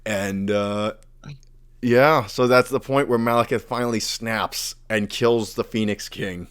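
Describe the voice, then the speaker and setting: A man's voice: lowish voice, fairly even intonation, unhurried, a bit bright, clear, resonant tone. A young man casually retelling fantasy lore as a podcast host, acting out the characters' lines as he goes.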